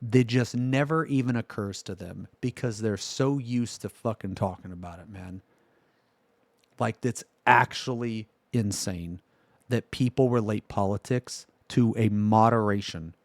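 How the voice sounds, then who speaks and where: A man streaming live, ranting in a profane, exasperated way that swings from loud outbursts to low muttering. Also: measured pace, no room sound. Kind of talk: livestream reaction rant.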